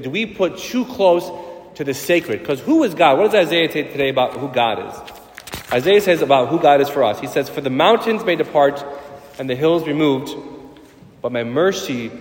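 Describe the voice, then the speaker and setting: A priest giving a sermon, animated, with sudden loud, high bursts of emphasis. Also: male voice. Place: church. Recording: echoey church with long reverb.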